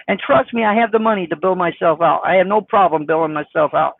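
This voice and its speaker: Squeaky high-voiced trucker on a thin line. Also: male voice, quick pace, vocal fry, hardly any pauses. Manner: blunt, defensive, folksy. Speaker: trucker vlogger reading live chat. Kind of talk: casual live-stream chat. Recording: dry, phone-like sound.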